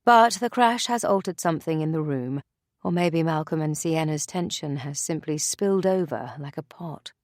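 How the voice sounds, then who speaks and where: Woman reading a thriller audiobook, lowish voice, dead dry studio sound. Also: normal speed, darkish tone, no echo. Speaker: audiobook narrator. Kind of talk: scripted narration.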